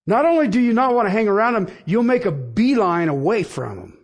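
A man's voice: high-pitched, very animated, a little fast, breathy edge. A middle-aged man preaching a sermon in a conversational way, with asides and rhetorical questions to the congregation. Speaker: pastor.

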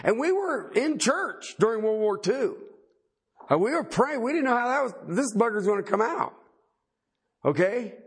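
A middle-aged pastor preaches in a folksy, animated manner, his voice pitched high for a man. A husky grain runs through his delivery, and he breaks into joking asides. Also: moderate pace. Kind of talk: sermon.

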